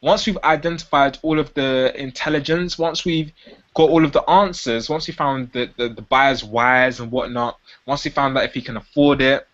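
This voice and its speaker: A man's voice: mid-range voice, normal speed, fairly bright tone, highs cut off. A young man teaching sales technique to viewers, acting out sample phrases in different tones. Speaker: sales coach. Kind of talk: instructional talk to camera.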